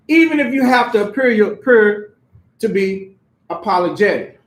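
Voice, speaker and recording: A man with a very high voice preaches in a loose, street-casual way, slipping into quick acted voices to make his point. His voice rings out across an echoey church hall. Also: fairly bright tone. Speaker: pastor. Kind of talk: sermon with acted examples.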